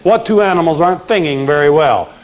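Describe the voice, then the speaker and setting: A man teaching a memory lesson from pictures, animated and punny, having his audience repeat phrases after him. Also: a little high, fairly quick.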